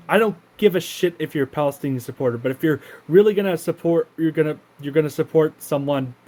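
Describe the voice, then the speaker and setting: A man's voice: medium pitch, warm tone. A man hosting his own channel, talking in an indignant, profane rant that halts often and restarts its sentences. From Canada. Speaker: channel host. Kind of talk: casual spoken rant to camera.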